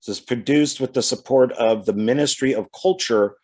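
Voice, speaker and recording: A man's voice: medium pitch, moderate pace, hardly any pauses, a little mellow. A man casually talking through his DVD purchases, reading back covers aloud and chatting as he goes. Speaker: DVD collection vlogger. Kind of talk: casual unboxing commentary.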